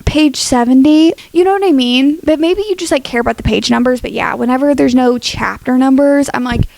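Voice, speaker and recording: A woman's voice: high voice, fairly quick, vocal fry, darkish tone, dry recording. A young woman casually vlogging her opinions, chatty and dramatic with lots of filler words. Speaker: book YouTuber.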